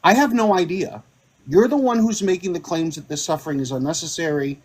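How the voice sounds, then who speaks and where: A man's voice: fairly high pitch, a little fast, a little mellow, breathy edge. A man debating on a live online call, asking probing questions and stammering through restarts.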